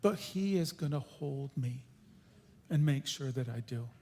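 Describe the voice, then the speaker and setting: A man giving an earnest, halting testimony as a guest speaker at a church conference question-and-answer session. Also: mid-range voice, animated, warm tone, slight background noise. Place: church auditorium. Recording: echoey church hall.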